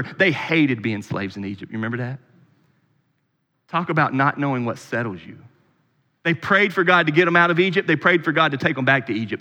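A man with a high, bright voice preaches a sermon. He hammers his points with repetition and swings between loud emphasis and hushed lines. The sound rings with the long reverb of a large hall. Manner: repetitive, emphatic preaching with sudden drops to quiet. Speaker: pastor.

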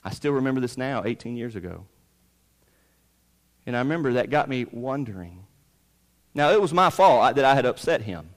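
A man's voice: animated, normal speed, pauses often. Emphatic male preacher in a reverberant hall. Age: 30s. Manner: emphatic preaching, rising loud on key points and dropping low. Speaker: pastor. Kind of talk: sermon. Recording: long reverb of a large hall.

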